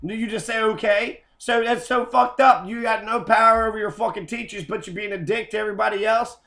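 A man's voice: high-pitched, fairly even intonation, fast, vocal fry, pushed and bright. A man in an angry, profane rant, cursing and repeating himself. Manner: heated, cursing, repetitive. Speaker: host.

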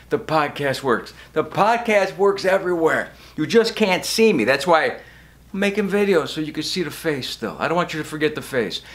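A man vlogging straight to camera about his podcast, emotional and imploring, raising his voice now and then. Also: fairly high pitch. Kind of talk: casual direct-to-camera vlog. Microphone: camera facing him.

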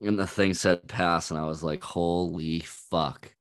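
A man with a very low voice co-hosts a podcast in loose, casual chat. He swears freely and tells stories in an animated way. The recording is dry and close. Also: a little slow, dry recording. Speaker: podcast co-host.

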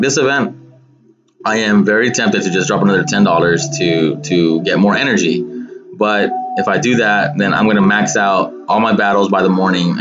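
Man, low voice, rambling game commentary, many ums, dull lo-fi sound, faint music behind. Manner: rambling with many fillers and restarts. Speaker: gaming channel host. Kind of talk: casual gameplay commentary.

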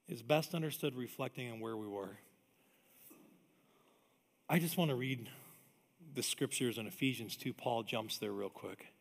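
A middle-aged man preaching a sermon in a church, emphatic and energetic, with quick conversational asides. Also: mid-range voice. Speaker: pastor. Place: church auditorium. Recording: long reverb of a large hall.

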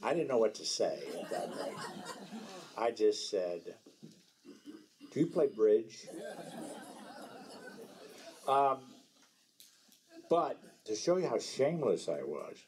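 Deep-voiced Southern-born man telling stories. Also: very animated, unhurried, long pauses, crowd noise, noisy background. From American South. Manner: storytelling, self-deprecating, slips into French phrases. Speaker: author giving a library talk. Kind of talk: anecdotal talk and Q&A. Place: library event room.

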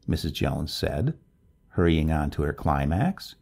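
A low man's voice, gravelly and husky, reads a story aloud in a measured, expressive way. His tone is dark and mellow, and his pitch moves over a very wide range. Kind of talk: scripted narration.

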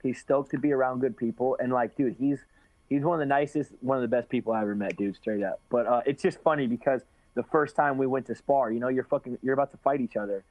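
A man's voice: medium pitch, fairly even intonation, quick pace, a little mellow, dry recording. A man being interviewed as a fighter, talking in a rambling, casual way with many restarts and easy swearing. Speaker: guest fighter. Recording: tinny phone-like dry sound.

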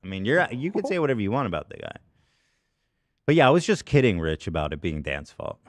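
A man's voice: fairly low pitch, huge pitch swings, fast talker, noisy background. A man hosting a podcast, in casual banter, sarcastically reading listener comments aloud. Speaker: podcast host.

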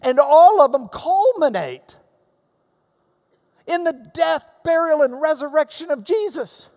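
A man's voice: very high-pitched, measured pace, long reverb tail. Emphatic man teaching a Bible class. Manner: emphatic, animated, swings between loud and soft. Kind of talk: lecture answering questions.

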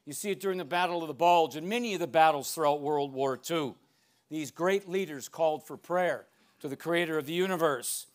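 An older man giving a lecture, emphatic and declamatory, with dramatic pauses between phrases. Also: a little high. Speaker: speaker.

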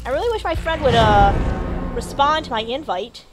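High-voiced woman streaming a game. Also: lively intonation, moderate pace, long pauses, music in the background. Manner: chatty, grumbling, talks to game characters. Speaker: gaming streamer. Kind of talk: casual gameplay commentary.

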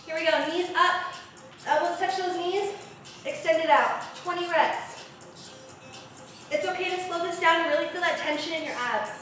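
A woman's voice: very high-pitched, normal speed, long pauses, fairly bright tone, faint music behind. A young woman coaching a live workout, upbeat and cheering through the reps while out of breath. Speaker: fitness instructor. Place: large empty home gym floor. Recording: echoey room, mic far off.

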